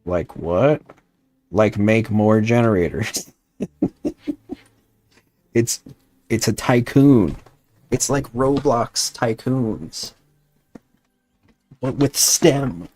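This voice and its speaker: A man's voice: medium pitch, expressive, very slow, long pauses, darkish tone. A man streaming a modded game, grumbling at it and talking back to his chat, swearing now and then. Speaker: VTuber streamer. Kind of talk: casual gaming livestream chat.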